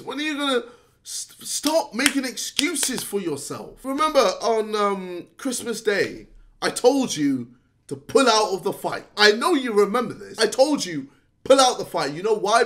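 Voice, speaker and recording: A man ranting straight to camera in a frustrated, scolding way, sometimes shouting and laughing between points. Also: high-pitched. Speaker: YouTuber. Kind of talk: direct-to-camera rant.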